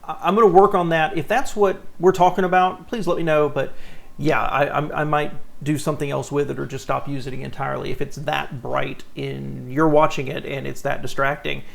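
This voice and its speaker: Gravelly, animated car vlogger man. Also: a little high, fairly quick. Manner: animated, sincere, talks with his hands. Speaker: car channel host. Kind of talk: casual talking-head vlog. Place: home studio.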